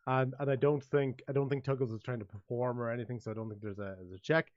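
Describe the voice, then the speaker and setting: A man running a tabletop game as dungeon master, halting and thoughtful, with many restarts. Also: mid-range voice, fairly even intonation, a little mellow, highs cut off, slight background noise.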